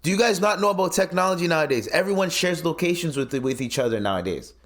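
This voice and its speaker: Fairly high in pitch and quick, this man hosts a podcast and delivers animated, incredulous rants full of swearing as casual commentary.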